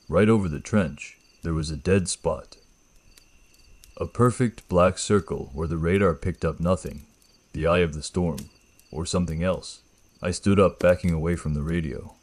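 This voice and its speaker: Male horror narrator, very low and husky, grave measured delivery. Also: a little mellow. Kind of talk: first-person horror story narration.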